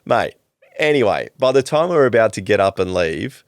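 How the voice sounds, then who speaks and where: A man, telling stories as a podcast guest in a lively, casual way, swearing freely and calling people "mate". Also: fairly low pitch, a little fast, dry recording, studio quality. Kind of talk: casual storytelling chat.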